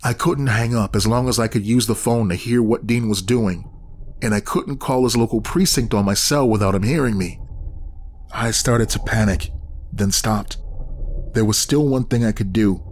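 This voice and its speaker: Low-voiced man narrating horror. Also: normal speed, slight background noise. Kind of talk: scripted horror audiobook narration.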